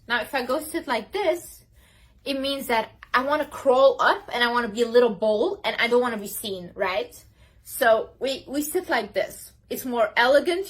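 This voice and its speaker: A woman's voice: fairly high pitch, a bit bright, breathy edge. A young woman giving a casual, emphatic motivational talk to camera, gesturing as she speaks. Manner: emphatic, talks with hand gestures.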